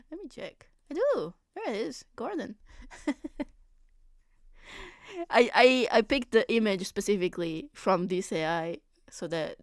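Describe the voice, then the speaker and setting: A woman's voice: medium pitch, expressive, slow pace, pauses often, dry recording, studio quality. A young woman streamer chatting casually with her viewers, giggling often between phrases. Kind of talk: casual live-stream chat.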